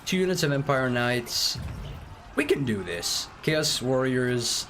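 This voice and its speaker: A man's voice: medium pitch, big pitch swings, takes it slowly, fairly bright tone, a little hiss or hum. A British man live-streaming a strategy game, rambling and joking with chat while giving tactics. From United Kingdom. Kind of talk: casual live-stream commentary.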